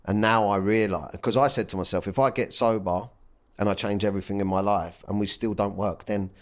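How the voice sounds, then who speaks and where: Podcast guest: man, 30s, low voice, raw and candid, curses a lot. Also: fairly even intonation, a little fast. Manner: blunt and emotional, swears freely. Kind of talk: candid casual chat.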